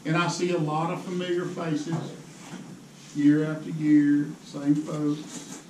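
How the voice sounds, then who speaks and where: His voice is on the high side, monotone, slow, and a little mellow, yet he laughs often while rambling through folksy stories for the crowd. It's a fishing pro's seminar in an echoey indoor tackle show hall, heard on a distant mic over crowd noise.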